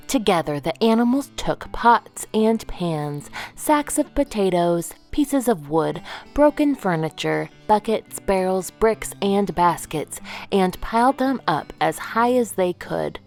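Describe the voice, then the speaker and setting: Slow, expressive woman reading to kids. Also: lowish voice, faint music behind. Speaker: children's storyteller. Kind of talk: read-aloud storytime narration.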